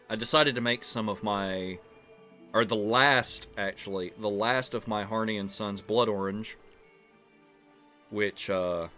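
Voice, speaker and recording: A man streams a video game, his fairly low voice bright and forceful as he chats casually. He rambles and laughs, filling his gameplay commentary with lots of fillers.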